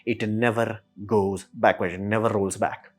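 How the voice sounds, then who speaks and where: A man hosting a casual monologue, animated and slangy, often acting out quoted voices. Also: lowish voice, unhurried. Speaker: show host.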